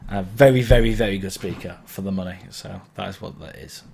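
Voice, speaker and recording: Low-pitched, gravelly and a little mellow, this DJ's voice moves fairly quickly as he hosts a live question-and-answer stream, with a little hiss or hum audible. His throat is sore from hay fever, and he's chatty and encouraging in a casual way, wandering and self-correcting. The microphone is below the camera.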